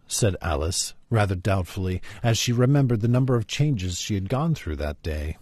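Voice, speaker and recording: A man reading a children's classic aloud in an expressive, storytelling way. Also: deep voice, normal speed, few pauses, breathy edge, no echo, studio quality.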